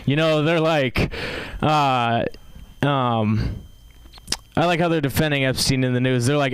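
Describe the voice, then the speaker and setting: A man's voice: medium pitch, a little slow, smooth, no echo. A young man from Seattle doing an open mic stand-up set, rambling with fillers and laughing at his own jokes. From Seattle, USA. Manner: rambling, filler-heavy delivery with self-amused laughs. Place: comedy club stage.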